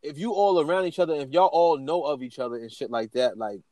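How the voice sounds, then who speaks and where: A man's voice: a little high, quick pace, dry recording. Dude slangy podcast talk, trips over his words, dry close mic. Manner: stammering restarts, slangy, animated. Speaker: podcast co-host. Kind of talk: casual chat.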